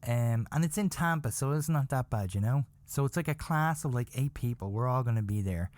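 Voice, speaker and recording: A man hosting a podcast, telling a comedic story in a profane, rambling, animated way, acting out his own panic. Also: medium pitch, brisk, no room sound. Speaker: podcast host.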